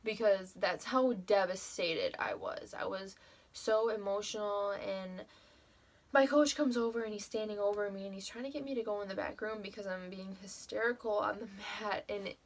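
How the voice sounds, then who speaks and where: A woman's voice: mid-range voice, fairly even intonation, moderate pace. A young woman telling a personal story to the camera in a casual vlog, emotional and full of fillers, with frequent swearing. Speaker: vlogger.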